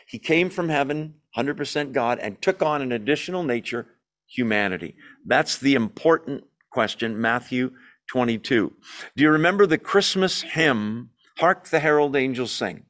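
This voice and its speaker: A man's voice: mid-range voice, lively intonation, moderate pace, a bit bright. A man leading a Bible study, teaching in a conversational, emphatic way, asking his listeners questions and making small jokes.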